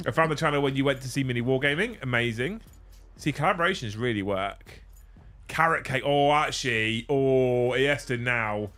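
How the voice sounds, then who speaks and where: A man's voice: mid-range voice, moderate pace, fairly bright tone. A man hosting a casual livestream, laid-back and swearing freely as he reads out viewer messages. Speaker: livestream host.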